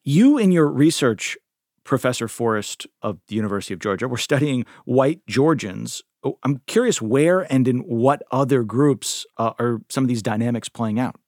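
A man co-hosting a radio show, asking a guest questions with some halting restarts. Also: mid-range voice, expressive, a little mellow, dry recording, clean studio sound.

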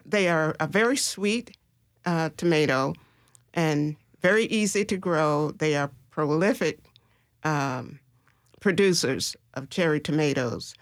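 A woman guest explaining gardening in a radio studio interview, speaking slowly and haltingly with many filler pauses. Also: sits low, no echo.

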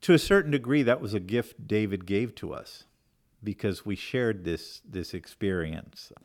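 Low raspy-ish guy being interviewed, thoughtful, repeats himself a bit. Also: lively intonation, normal speed. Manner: warm-hearted, thoughtful, repeats words. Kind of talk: reflective conversation.

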